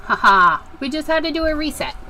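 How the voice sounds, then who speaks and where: Chatty high-voiced craft livestream host. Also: female voice, animated, a little fast, bright, forceful tone, slight background noise, low-quality recording. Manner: chatty, greets viewers by name one after another. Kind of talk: casual livestream chat while crafting. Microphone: desk microphone with a level meter.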